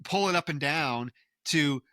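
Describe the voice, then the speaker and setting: Man, podcast co-host, casual film chat, bright voice, dry recording. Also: on the high side, unhurried, dry recording. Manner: animated retelling with acted quotes.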